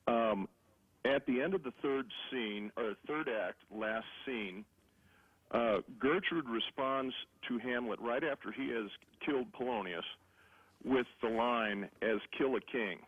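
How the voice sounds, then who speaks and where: A man's voice: medium pitch, a little slow, a bit bright, no room sound, low-quality recording. A man calling in to ask a question, speaking hesitantly and carefully. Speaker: caller.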